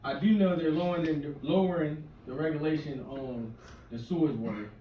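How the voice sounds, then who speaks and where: A man's voice: fairly high pitch, fairly quick, muffled recording. Brief: male stand-up comic, rambling profane bit, roomy distant club sound. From Maryland. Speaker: stand-up comedian. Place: comedy club stage. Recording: echoey club from a distance with noise.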